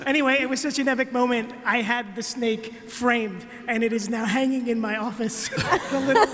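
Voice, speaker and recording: A man who writes for TV, telling anecdotes on a convention panel in an animated, laughing way. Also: very high-pitched, moderate pace. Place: large convention hall. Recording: roomy hall reverb.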